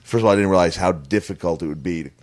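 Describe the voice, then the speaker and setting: A man's voice: low-pitched, rapid-fire, no echo. A middle-aged man, a wrestler guest on a podcast, telling stories in casual chat and acting out the voices of the people in them. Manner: animated storyteller who acts out quoted voices. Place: hotel room.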